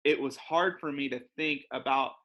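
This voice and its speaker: A man's voice: mid-range voice, moderate pace, sharp tone. A young man co-hosting a church podcast, chatting casually and rambling, with lots of fillers and laughs. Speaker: co-host.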